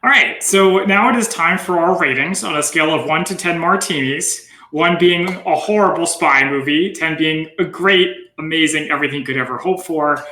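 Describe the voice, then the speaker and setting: A man's voice: a little high, normal speed, hardly any pauses, sharp tone, a little hiss or hum. A man co-hosting a podcast, leading segments and making apologetic asides in casual chat. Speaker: podcast co-host. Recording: roomy echo.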